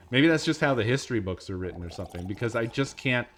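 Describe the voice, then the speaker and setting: A man's voice: medium pitch, animated, a little fast, soft background music. A man streaming a game, chatting casually, laughing often, swearing and rambling. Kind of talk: casual gameplay stream chat.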